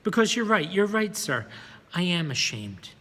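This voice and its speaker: A man voicing a timid, ashamed woman who speaks haltingly. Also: sits high, very animated, a bit bright, big-room sound, voice pushed up, full character voice.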